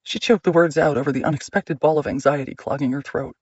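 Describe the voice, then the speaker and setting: A man narrating an audiobook in a measured, steady reading. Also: a little high, breathy edge, dry recording, highs cut off.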